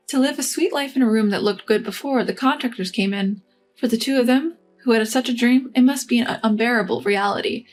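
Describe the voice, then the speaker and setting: Female narrator, scripted story read, calm and even, slightly high voice.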